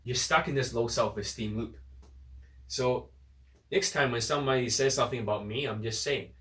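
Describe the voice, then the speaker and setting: A man's voice: medium pitch, moderate pace, fairly bright tone, echoey room, recorded from a distance. A man giving a blunt, profane, combative unscripted rant to camera as a dating coach, recorded on his phone.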